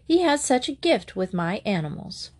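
A woman reading a children's storybook aloud, gently voicing the characters as she goes. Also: mid-range voice, big pitch swings, normal speed. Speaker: storybook reader.

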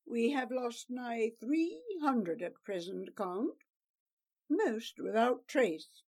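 A woman voicing a stern, loyal male guard captain who speaks gruffly and deliberately in a storybook reading. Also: fairly high pitch, expressive, darkish tone, exaggerated voice. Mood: grave.

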